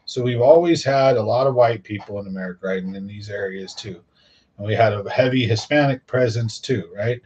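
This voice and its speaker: A man's voice: on the low side, darkish tone, breathy edge. Rambling middle-aged man, dull lo-fi sound. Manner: rambling, filler-heavy, repeats "right?". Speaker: host. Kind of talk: casual monologue commentary.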